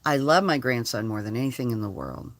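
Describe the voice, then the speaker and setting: Living in a converted school bus, this older woman chats on her vlog a little fast in a deep bass voice. Expect blunt talk, profanity and animated stories, all recorded clean with no room sound.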